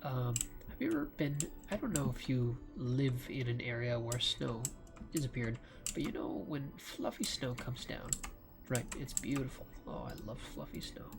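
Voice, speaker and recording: A man giving slow, rambling commentary over his gameplay, with lots of fillers. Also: mid-range voice, expressive, gravelly, music in the background. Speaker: let's play gamer. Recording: loud keyboard clicking throughout. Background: keyboard typing and clicks.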